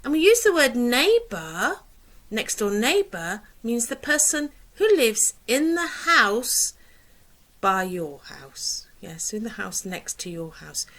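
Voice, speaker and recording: A woman teaching a lesson, who speaks slowly and deliberately and asks questions in a rising sing-song way. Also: on the high side, very animated, a bit bright, low-quality recording. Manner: slow, deliberate teacherly delivery. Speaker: English teacher. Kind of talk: online English lesson.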